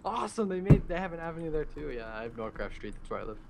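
A man's voice: on the high side, very animated, racing, creaky. A young man hosting a casual game let's play, joking and teasing his friends. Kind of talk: casual gaming chat. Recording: noisy home mic with keyboard typing.

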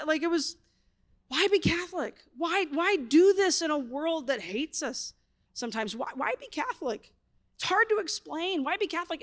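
A woman tells a story from the stage. She sits a little above the usual pitch for a woman and talks in a loose, animated way that is full of "like" fillers. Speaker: speaker. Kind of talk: storytelling conference talk.

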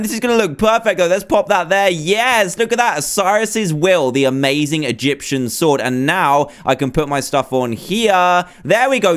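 A young man in his twenties doing excitable, animated gameplay commentary with lots of gasps and exclamations. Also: fairly high pitch, clean tone. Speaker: gaming youtuber.

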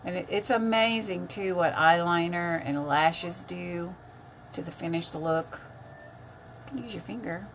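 A woman's voice: on the low side, a little slow, slight background noise. An older woman chatting casually on a makeup live stream, greeting viewers by name as she works.

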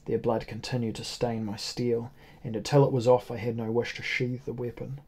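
Grave, dark-voiced male narrator. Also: medium pitch, flat delivery, moderate pace, breathy edge. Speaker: audiobook narrator. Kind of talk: first-person audiobook narration.

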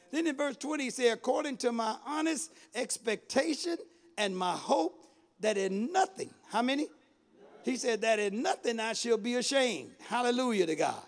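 An expressive male bishop preaches a Bible study sermon, moving between booming calls and low, drawn-out lines as he addresses the congregation directly.

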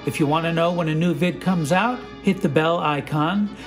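Upbeat male announcer over soft music. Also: a little high, normal speed. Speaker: channel announcer. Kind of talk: show intro.

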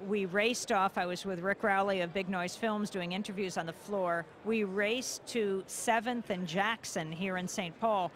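Woman reporter as interview guest, urgent and indignant, medium pitch. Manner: urgent, rising to indignant emphasis. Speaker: news host, interview guest. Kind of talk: interview, personal account. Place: convention hall.

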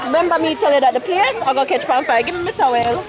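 A woman vlogging outdoors at a backyard party, shouting panicked exclamations and mixing patois with English. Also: sits high, animated, fast talker. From Canada. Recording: phone video with loud crowd and fireworks noise.

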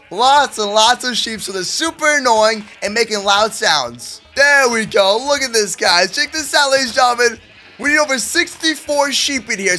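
A young man hosting a gaming video, giving energetic commentary in a hyped, hushed, sneaky way. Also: extremely high pitch. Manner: hyped, hushed stealth narration.

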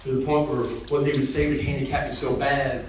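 Here a man with a mid-range voice delivers a sermon as senior lead pastor, speaking fairly quickly and flatly yet with a preacher's impassioned cadence aimed directly at the congregation. He's captured from far off in an echoey room with slight background noise.

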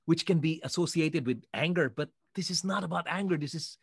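A man from the Philippines, a guest singer, telling stories in a lively way and acting out what others said. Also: on the high side, fairly quick, creaky, a crowd in the background. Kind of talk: animated storytelling.

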